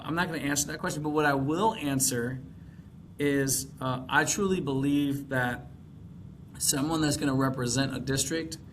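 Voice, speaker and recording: A man's voice: medium pitch, slight background noise. A man from Texas, a congressional candidate, talking in a casual podcast conversation, rambling with frequent fillers and restarts.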